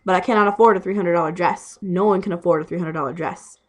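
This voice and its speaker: A woman's voice: lowish voice, steady tone, fast. A young woman who is sick with a cough, ranting casually and profanely about a friend. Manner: exasperated, profane ranting storytelling. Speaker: vlogger. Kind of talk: casual rant.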